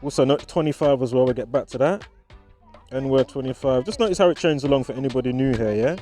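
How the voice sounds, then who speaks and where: A man's voice: medium pitch, fast talker, warm tone, faint music behind. A man vlogging outdoors in a park, in casual commentary to viewers, chuckling often and chatty, with frequent restarts.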